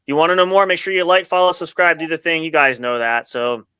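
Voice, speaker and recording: A man's voice: a little high, quick pace, sharp tone, clear, resonant tone, no echo. A man co-hosting a podcast, signing off in an upbeat, rambling, promotional way over a video call. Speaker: podcast co-host. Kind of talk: casual chat and show sign-off.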